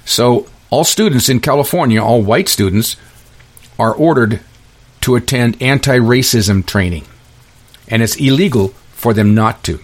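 A man's voice: medium pitch, measured pace. A man hosting a solo podcast, delivering an angry ranting monologue full of restarts and repeated words. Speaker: podcast host.

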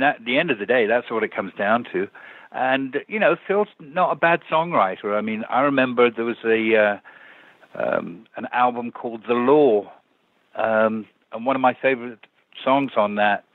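A man's voice: medium pitch, dry recording. A man chatting casually on the radio, thinking aloud with plenty of fillers. His voice comes through a dry, tinny line with a phone-like sound.

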